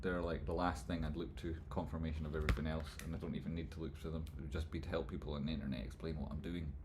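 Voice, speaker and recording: A man hosting a live stream, answering chat questions in rambling talk that trails off into mumbles and jumps to loud jokey bursts. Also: very deep voice, level tone, very fast, heavy background noise. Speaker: livestream host answering chat. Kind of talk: casual live chat, stock chart commentary.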